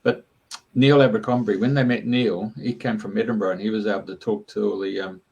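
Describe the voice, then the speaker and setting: A man's voice: on the low side, fairly even intonation, a little fast, gravelly, a little mellow, breathy edge, dull audio. A man, a guest in an interview, tells long rambling stories in a casual, chatty way, with lots of ums and uhs. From Australia. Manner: rambling and chatty, with many fillers. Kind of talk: casual storytelling.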